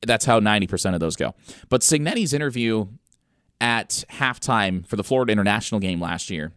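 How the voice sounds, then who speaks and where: A man's voice: lowish voice, a little fast, fairly bright tone, clean tone, dry recording. A young man hosting a college sports radio show, giving commentary with dry, sarcastic quips.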